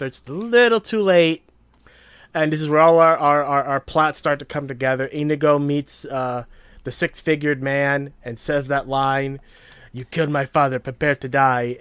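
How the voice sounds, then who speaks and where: A man's voice: a little high, smooth, no echo, studio quality. A man co-hosting a podcast in casual chat, acting out movie quotes with energy. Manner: animated, acts out movie quotes. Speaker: podcast co-host.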